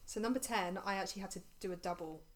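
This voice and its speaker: A woman's voice: medium pitch, fast. A young woman as a podcast guest, chatting enthusiastically. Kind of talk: casual chat.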